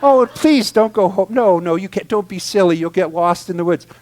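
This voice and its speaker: A man's voice: high-pitched, moderate pace, a little mellow, lightly acted. A contrite sister begs someone not to leave, as a man quotes her in a talk. The quote is delivered in a plain, pleading way.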